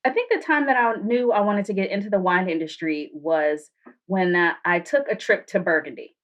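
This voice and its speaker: A woman's voice: mid-range voice, moderate pace, muffled recording. A woman who is a guest on a podcast, telling stories animatedly and acting out the people in them. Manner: animated, acts out quoted voices. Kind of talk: storytelling in a podcast interview.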